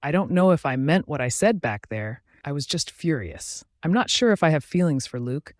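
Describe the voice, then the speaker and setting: A man reads out a fierce teenage werewolf girl from a storybook, pitching his voice up high and shouting her lines. The sound is dry and close. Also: lively intonation, normal speed, dry recording, close to an everyday voice. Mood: subdued.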